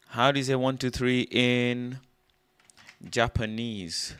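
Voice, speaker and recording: A young man hosting a casual livestream, thinking out loud in an animated way and breaking into loud shouts. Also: medium pitch, slow, smooth, no echo. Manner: animated, musing aloud, loud shouted bursts. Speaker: livestream host.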